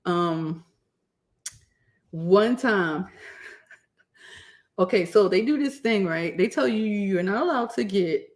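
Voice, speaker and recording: A woman telling her own stories in a casual, lively vlog, laughing often. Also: mid-range voice, slow, pauses often. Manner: lively, laughs often, acts out quotes in raised voice.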